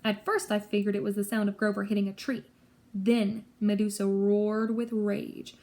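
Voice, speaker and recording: A woman reading a story aloud in a steady, lively first-person narration. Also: mid-range voice, normal speed. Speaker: audiobook reader.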